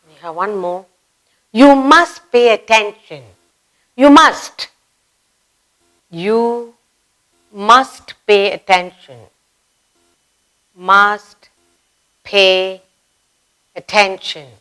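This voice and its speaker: A woman teaching a grammar lesson for children, slowly acting out example sentences with expressive exclamations. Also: medium pitch. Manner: slow, deliberate teaching delivery.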